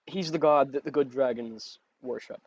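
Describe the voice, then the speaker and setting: A man's voice: mid-range voice, normal speed, husky, no echo, dull audio. A man running a tabletop game as game master, narrating scenes and patiently explaining rules, correcting himself as he goes.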